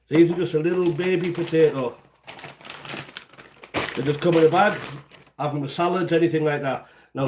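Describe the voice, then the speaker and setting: A man's voice: on the high side, darkish tone, a little hiss or hum. A man hosting a casual home cooking livestream, chatting and explaining each step in a rambling way. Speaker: home cooking channel host. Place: home kitchen.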